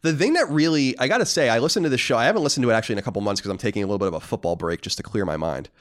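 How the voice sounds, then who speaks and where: A man co-hosting a casual podcast, talking emphatically and rambling with quick restarts. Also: mid-range voice, lively intonation. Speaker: podcast co-host.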